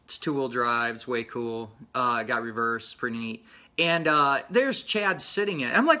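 A man hosting a casual personal vlog, talking earnestly in a rambling, halting way with many fillers. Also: fairly high pitch, pushed and bright. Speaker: motorcycle channel host.

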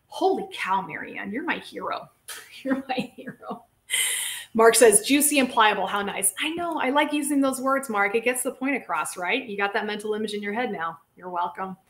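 A woman hosting a casual live-stream Q&A as a physical therapist, chatty and lively, talking straight to her viewers. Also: mid-range voice, fairly quick, few pauses, roomy sound. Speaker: physical therapist and show host.

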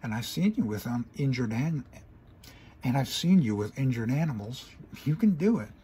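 A man's voice: medium pitch, lively intonation, moderate pace, warm tone, breathy edge. A man doing a brash tomboy pegasus, coaxing. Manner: coaxing, casual. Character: brash tomboyish female pegasus pony, trying to soothe. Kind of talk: fan story reading.

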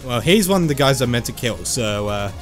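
Sweary man, lively game commentary. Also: medium pitch, brisk, soft background music. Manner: joking, sweary, does silly voices. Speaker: gaming channel host. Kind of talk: let's play commentary.

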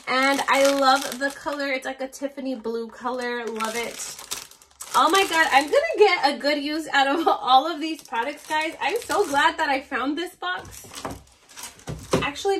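Woman, Spanish accent, high voice, gushing beauty vlogger, faint hiss. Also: bright, forceful tone. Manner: bubbly, gushing, laughs often. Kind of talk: casual unboxing chat.

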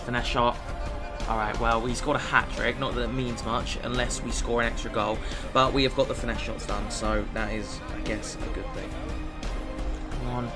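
A man giving live gameplay commentary. He swings from low muttering to excited shouting and swears often. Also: normal speed. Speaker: gaming YouTuber. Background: music.

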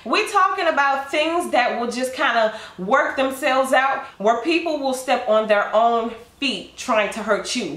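Woman tarot reader, slightly high voice, storytelling to the listener, roomy echo. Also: a bit bright. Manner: addresses the listener directly, storytelling. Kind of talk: tarot reading told as a story.

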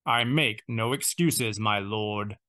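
A man voicing a composed, courteous naval officer who speaks in a measured, assured way. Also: lowish voice, bright, forceful tone, dry recording, clean studio sound. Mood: calm. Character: calm, courteous male fleet officer.

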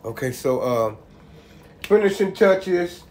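A man's voice: high voice, lively intonation, slow, darkish tone. A man, casually showing his home cooking and talking to viewers as "y'all". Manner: laid-back, talks to viewers as "y'all". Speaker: home cook vlogger. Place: home kitchen. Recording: roomy kitchen with faint background ambience.

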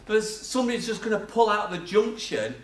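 A man's voice: high-pitched, big pitch swings, a little fast. Older man preaching in an echoey church. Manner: chatty storytelling with self-mocking laughs. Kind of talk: sermon. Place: church hall. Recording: echoey church sound from far off.

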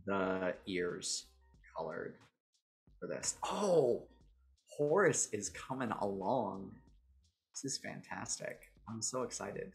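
This man, voice in the mid range, hosts a livestream where he demonstrates a character builder. His talk is relaxed and stream-of-thought, full of jokes at his own expense.

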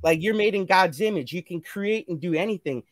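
Earnest high-voiced man preaching self-love. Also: a little fast, no room sound, studio quality. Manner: earnest, preachy, repeats phrases. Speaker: guest. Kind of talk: motivational casual chat. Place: live stream call.

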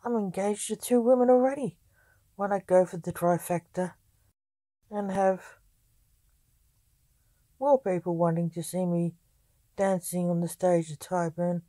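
A woman voicing a wry young highwayman. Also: steady tone, a little slow, pauses often, mellow, no room sound, lightly acted. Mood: exasperated. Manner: sardonic, joking banter. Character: quick-witted young male highwayman, wry joker.

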